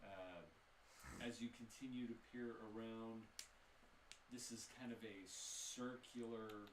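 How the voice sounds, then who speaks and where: A man's voice: fairly low pitch, fairly even intonation, takes it slowly. A man narrating a tabletop game as game master, describing scenes with frequent fillers. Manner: descriptive, with many fillers and restarts. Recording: echoey room, mic at a distance, faint noise.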